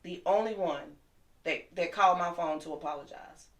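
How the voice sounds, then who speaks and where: Impassioned woman in an echoey room. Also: on the low side. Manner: impassioned, talks fast and heated. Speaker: guest. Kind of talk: emotional personal storytelling.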